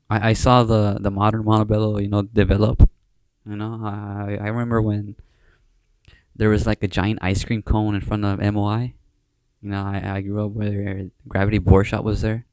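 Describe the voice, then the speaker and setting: A man's voice: on the low side, darkish tone, smooth, dry recording. A young man from Southern California hosting a podcast, chatting casually and rambling with lots of slang, fillers and restarts. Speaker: podcast host. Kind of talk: casual chat.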